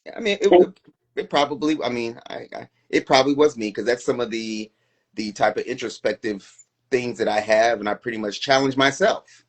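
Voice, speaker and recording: His voice sits in the mid-range and runs a little fast. He's a middle-aged man co-hosting an informal live-stream conversation, turning things over earnestly and questioning himself along the way.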